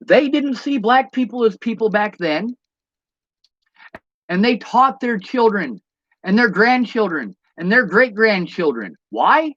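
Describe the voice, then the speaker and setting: A man's voice: high voice, very animated, unhurried, a bit bright, no echo, dull audio. A man delivering a blunt, profane rant as a monologue to camera, throwing out rhetorical questions. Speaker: vlogger.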